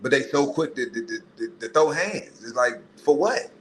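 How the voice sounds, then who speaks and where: Guy going off on a podcast, cussing a lot, mid pitch, little bit of hiss behind him. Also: moderate pace, hardly any pauses, poor audio. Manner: profane, animated ranting with mocking put-on voices. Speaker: podcast host. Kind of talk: casual monologue.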